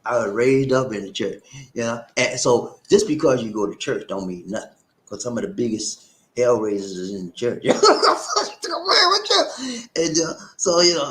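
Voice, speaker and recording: A man hosting a casual livestream, animated and breaking into sung catchphrases. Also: on the low side, roomy sound. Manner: animated, sings and shouts catchphrases. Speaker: livestream host. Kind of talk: casual live chat. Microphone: new noise-reducing mic.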